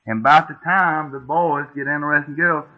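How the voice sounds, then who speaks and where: A man's voice: a little high, fairly even intonation, fairly quick. A middle-aged man, preaching a sermon as a folksy, homespun story, often asking the congregation questions. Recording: tinny phone-like old tape.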